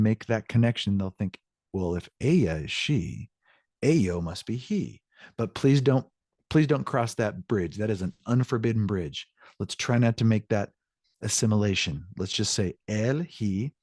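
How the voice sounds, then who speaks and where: Low-voiced teacher, dry mic. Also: male voice, a little mellow, no room sound. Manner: explains patiently, answers student questions. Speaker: Spanish teacher. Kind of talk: recorded online lesson.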